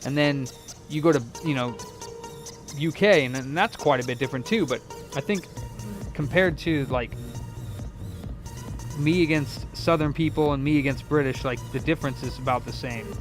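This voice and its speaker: An American man from the United States chats casually while soldering on an electronics repair live stream, rambling and leaning heavily on "like" as a filler. His medium-pitched voice moves at a moderate pace with long pauses, and music plays underneath.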